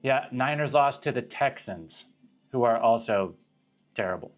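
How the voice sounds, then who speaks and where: A man's voice: medium pitch, animated, unhurried, soft background music. A young man from Arizona talks loosely through a livestream Q and A, trailing off mid-thought and dropping curses as he goes. His voice sits in an ordinary middle range. He keeps it casual and conversational. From Arizona, USA. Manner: rambling, profane, self-interrupting. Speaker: livestream host.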